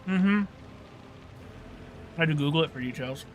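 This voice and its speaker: A man's voice: fairly high pitch, moderate pace, slight background noise. A man streaming a game, chatting casually with his viewers in a rambling way, often trailing off and restarting. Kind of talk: casual livestream chat while gaming.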